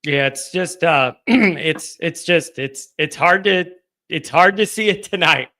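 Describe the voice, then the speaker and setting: A man hosting a live call-in fan show, talking in a subdued, halting way with frequent restarts as he reads out donations. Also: fairly high pitch, bright, forceful tone. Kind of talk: casual live-stream chat, reading donations.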